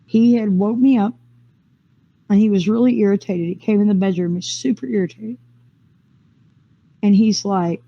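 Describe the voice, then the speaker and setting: A woman telling her own story in a casual, rambling way, with quick bursts, fillers and restarts. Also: mid-range voice, lo-fi sound. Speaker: interviewee sharing a personal experience. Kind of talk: casual first-person storytelling.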